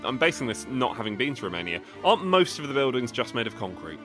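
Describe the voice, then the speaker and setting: A man's voice: mid-range voice, big pitch swings, quick pace, a bit bright, faint music behind. A man co-hosting a podcast, making wry, joking asides. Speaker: podcast co-host. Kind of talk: casual podcast chat.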